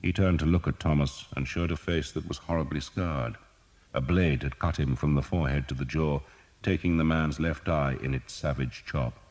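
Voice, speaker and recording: A man narrating an audiobook in a measured, even storytelling manner. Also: extremely low pitch, long reverb tail. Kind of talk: scripted narration.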